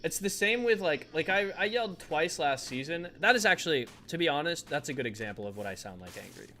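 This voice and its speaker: A man's voice: a little high, expressive, fairly quick, sharp tone. A young man, chatting casually with his viewers while playing a game on a live stream, laughing often and answering chat.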